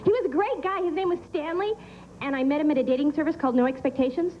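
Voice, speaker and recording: A woman performing a stand-up comedy set, delivering deadpan one-liners with pauses for laughs on a club stage. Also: sits high, slight background noise, low-quality recording. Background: audience laughter.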